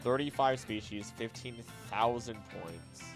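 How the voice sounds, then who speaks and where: Animated man streaming live. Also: medium pitch, unhurried, over music. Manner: animated, talks to himself and his cat. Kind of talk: casual live-stream chat. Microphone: desk microphone.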